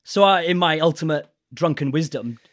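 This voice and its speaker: A young man, a podcast guest, telling a rowdy story in a casual, animated way with swearing. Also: a little high, normal speed.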